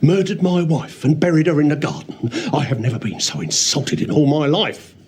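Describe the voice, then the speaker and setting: An actor playing a pompous, boastful middle-aged car dealer in a sitcom clip, indignant and affronted. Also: male voice, fairly high pitch, lively intonation, normal speed, darkish tone, slight background noise, natural voice.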